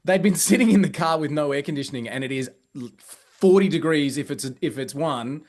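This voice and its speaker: An Australian man, a company growth director, telling casual anecdotes in a lively, chatty way with plenty of fillers and restarts. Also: fairly high pitch, a little fast.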